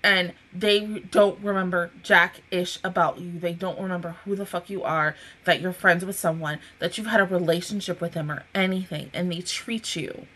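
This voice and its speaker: A woman hosting a casual anime reaction review, emotional and swearing freely, dropping from low mutters to laughing, near-tearful outbursts. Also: fairly even intonation, normal speed, hardly any pauses, pushed and bright.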